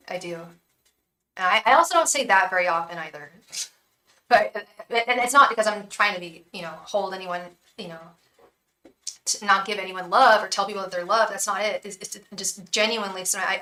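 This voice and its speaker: A woman's voice: medium pitch, pushed and bright, far from the mic. A woman giving a live tarot reading, earnest and blunt, sometimes swearing and murmuring invocations to spirit guides. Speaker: tarot reader and psychic. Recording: echoey room, voice off-mic.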